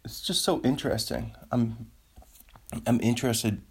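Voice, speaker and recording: A man hosting a solo podcast, rambling and excitable, joking around as he talks from his home studio. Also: medium pitch, measured pace, breathy edge. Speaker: podcast host.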